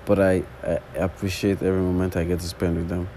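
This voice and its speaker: Talking quickly in a low, dark, level voice, a young man in his early twenties with a non-native English accent hosts a rambling solo podcast from the floor. He swears a lot and keeps restarting sentences, and the rough recording carries a little hiss or hum.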